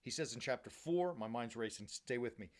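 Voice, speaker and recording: Male priest, sermon, energetic, conversational, slangy, middle pitch. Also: fairly quick. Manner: energetic and conversational, keeps checking in with "right?"; uses casual slang like "bro" and "baby".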